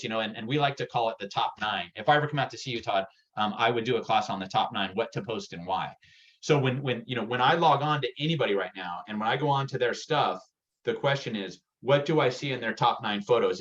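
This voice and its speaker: A man giving a real estate sales workshop, energetic and direct, getting worked up as he talks. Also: mid-range voice, highs cut off. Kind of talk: workshop presentation.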